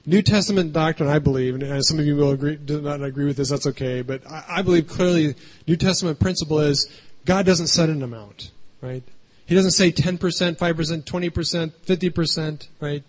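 Husky preacher guy, kinda high voice, keeps saying right?. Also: fairly quick. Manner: chatty, keeps adding "right?". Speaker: pastor. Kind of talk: conversational sermon.

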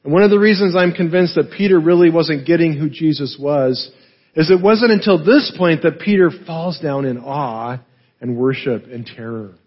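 Husky man teaching a sermon. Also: a little high, normal speed, dull audio. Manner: explanatory, frequent "right?" and fillers. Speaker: pastor.

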